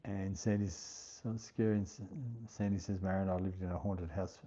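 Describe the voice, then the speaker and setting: Low, husky Australian man chatting. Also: fairly even intonation, normal speed, dark tone, muffled recording. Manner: chatty and easygoing, laughs often, thanks viewers by name. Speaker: livestream host. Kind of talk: casual chat, reading viewer comments aloud.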